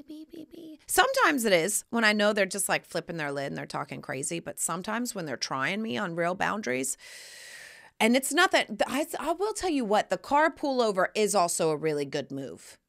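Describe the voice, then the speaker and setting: A woman in her thirties hosting a podcast in casual chat, animated and jumping into loud, high mock voices. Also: a little fast, vocal fry, no echo, clean studio sound. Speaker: podcast host.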